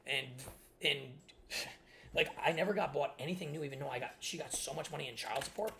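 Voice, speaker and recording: A young man in his twenties chats on stream in a rambling, loose way, leaning on filler words. His voice has a gravelly edge, and faint keyboard typing clicks behind him. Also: fairly high pitch, a little fast, sharp tone, slight background noise. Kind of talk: casual storytelling chat.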